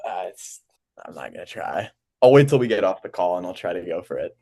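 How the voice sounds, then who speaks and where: A young man co-hosting a podcast over a call, chatting about sports in a relaxed, chatty way. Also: deep voice, a little fast. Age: young adult. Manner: relaxed, chatty, laughs easily. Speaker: podcast co-host.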